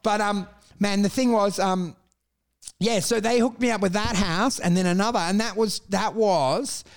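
High-pitched middle-aged man, brash raconteur, swears freely, laughs through his tales. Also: moderate pace. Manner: crude, animated, laughs through stories. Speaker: guest telling stories. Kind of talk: casual storytelling chat.

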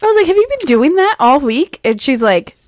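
A woman's voice: sits high, sing-song, fairly quick, no room sound, studio quality. A woman co-hosting a podcast, telling a story in casual chat, laughing mid-sentence and swearing. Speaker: podcast co-host.

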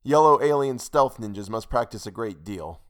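A man's voice: mid-range voice, lively intonation, normal speed, natural voice. A man playing a wry, aging film actor. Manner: wry, formal. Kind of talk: audiobook character voice.

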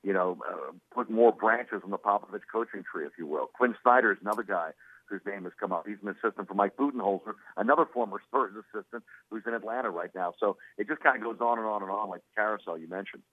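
Fast-talking man on a tinny phone line. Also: fairly low pitch, husky, dry recording. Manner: chatty, quick, lots of fillers and laughs. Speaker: team radio play-by-play broadcaster, guest. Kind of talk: phone interview on sports radio.

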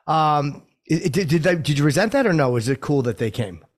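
A man's voice: on the high side, lively intonation, brisk. Inquisitive male podcast host. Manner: inquisitive, probing questions. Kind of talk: casual interview.

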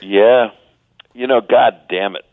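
A man's voice: lowish voice, slow, dry recording. Man in his sixties on a tinny phone line. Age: 60s. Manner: loose, crude, laughing storytelling. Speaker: guest comedian. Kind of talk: casual radio chat.

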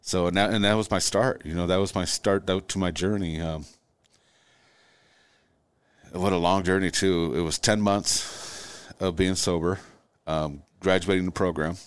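A middle-aged man, a guest, telling his own story in conversation, halting and repeating words as he goes. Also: low voice, steady tone, smooth, no echo, studio quality.

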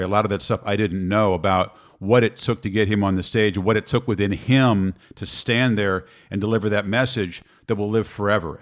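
A man hosting an interview, speaking in a reflective, earnest way. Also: on the low side. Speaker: interview host. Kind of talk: casual interview.

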